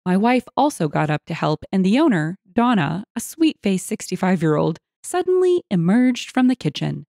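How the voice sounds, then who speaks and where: A woman narrates a story in a scripted, expressive way, with lots of rise and fall in her pitch. Her voice sits in a middle range, and the recording sounds dry and close. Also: normal speed, creaky, dry recording.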